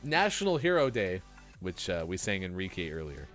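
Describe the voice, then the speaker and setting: A man's voice: deep voice, big pitch swings, normal speed, fairly bright tone, faint music behind. A man co-hosting a morning radio show, teasing his partner in dry casual banter.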